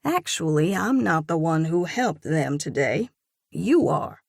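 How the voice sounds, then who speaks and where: Woman voicing gentle devout older mother. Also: deep voice, sing-song, a little slow, creaky, no room sound, clean studio sound, full character voice. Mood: earnest. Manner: warm, earnest and gently encouraging.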